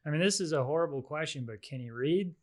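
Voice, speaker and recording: A man with a fairly high voice co-hosting a casual podcast. He drops in quick, relaxed asides and laughs easily between points. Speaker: podcast co-host.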